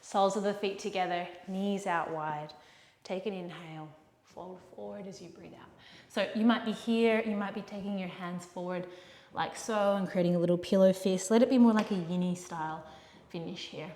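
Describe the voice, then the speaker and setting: Woman, yoga instructor, gentle encouraging cues, mid-pitched voice, reverberant room. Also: moderate pace. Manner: gentle encouraging cues, calls students "my friends" and "yogis". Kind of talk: guided yoga class instruction. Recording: echoey room with long reverb.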